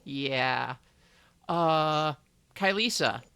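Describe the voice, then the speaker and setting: A game master running a tabletop game on a live stream, relaxed and halting, with many fillers. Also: medium pitch, clean tone, dry recording.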